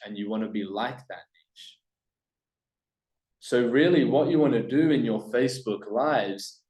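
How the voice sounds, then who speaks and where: A man presenting a workshop to a live audience, emphatic and coaching, swinging between loud points and hushed asides. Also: on the low side, echoey room, low-quality recording. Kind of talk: live seminar teaching to a room.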